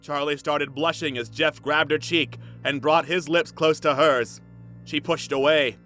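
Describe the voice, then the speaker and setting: Bright-voiced young man, mocking story reading. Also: a little high, fairly even intonation, a little slow, faint music behind. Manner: dry, mocking asides. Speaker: comedic story reader. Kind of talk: sarcastic dramatic reading with commentary.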